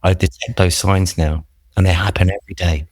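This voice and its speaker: A man's voice: deep voice, fairly even intonation, brisk, no echo, clean studio sound. A man, a podcast guest, telling his recovery story in an earnest, reflective, rambling way with many restarts.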